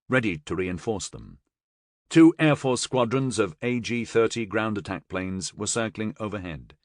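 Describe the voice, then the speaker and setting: Low-voiced guy reading an audiobook, lively ups and downs, dry close mic. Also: no echo. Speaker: audiobook narrator. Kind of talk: scripted narration.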